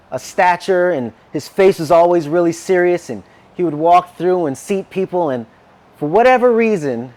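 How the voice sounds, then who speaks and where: A minister preaches a sermon framed as a personal story, his fairly high voice swooping up and down. He's animated and acts out every line of dialogue.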